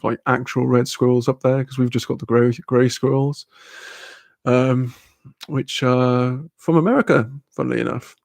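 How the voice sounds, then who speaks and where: A young man with a Newcastle accent, his voice gravelly and a bit fried, rambles through a casual livestream chat. He laughs a lot and swears freely, and the sound is close and dry with no room echo. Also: medium pitch, darkish tone. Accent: Newcastle English. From Newcastle, England. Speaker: streamer reading chat.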